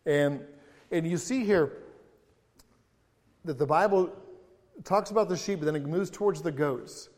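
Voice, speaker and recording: A man's voice: on the high side, a little slow, pauses often, darkish tone. A man preaching a sermon as pastor, reading scripture aloud with rising emphasis and breaking into chatty, humorous asides. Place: church sanctuary. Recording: reverberant church hall.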